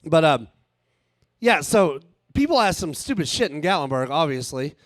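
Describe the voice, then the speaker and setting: A man's voice: on the high side, sing-song, moderate pace, no room sound, studio quality. A man doing a rambling, crude stand-up set on a live stage, laughing at his own jokes. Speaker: stand-up comedian and author.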